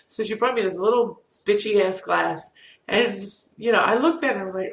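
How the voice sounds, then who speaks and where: A middle-aged woman with a cold tells a rambling, self-deprecating story straight to camera. Her voice carries a gravelly fry. She sits well back from the mic in a roomy, echoing space. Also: medium pitch, fast. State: has a cold. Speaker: vlogger. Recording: roomy echo, distant from mic.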